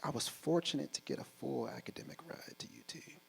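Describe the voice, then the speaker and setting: Animated higher-voiced man telling stories. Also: brisk, gravelly, slight background noise, poor audio. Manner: animated, acts out other people's voices. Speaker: keynote speaker. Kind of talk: humorous storytelling talk. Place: on stage before a live audience.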